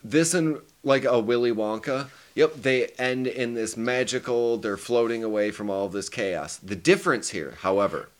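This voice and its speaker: A man's voice: medium pitch, normal speed, few pauses. Laid-back man chatting about movies. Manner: loose, profane, laughing often. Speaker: podcast co-host. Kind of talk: casual movie chat.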